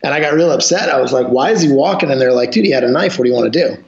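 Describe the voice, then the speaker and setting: A jiu-jitsu instructor guesting on a podcast tells wild stories in a casual, profane, rambling chat, animated throughout. His mid-range voice has vocal fry and races along, and the recording sounds roomy, dull and lo-fi.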